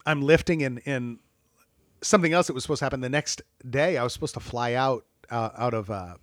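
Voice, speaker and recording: A man's voice: mid-range voice, a little fast, no room sound. A man spins a self-deprecating story in easy, casual chat, his voice swinging up and down as he breaks into laughter. His voice is dry and close, with no room sound. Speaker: church staff guest.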